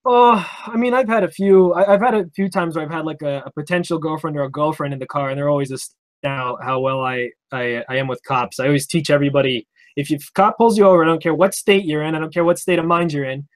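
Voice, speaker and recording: A young man from Vermont talking fast as he tells his stories, his voice sitting a touch high. He rambles and slips into the voices of the officers he quotes. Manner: rambling, animated, acts out quoted cops. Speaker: interview guest. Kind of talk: casual storytelling.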